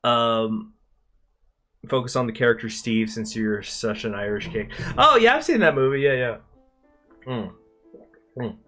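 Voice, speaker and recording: A man hosting a gameplay video who rambles to his viewers in a loose, chatty way. He swears casually as he goes and keeps a relaxed, unscripted commentary style. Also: mid-range voice, unhurried, pauses often, faint music behind. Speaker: gaming channel host.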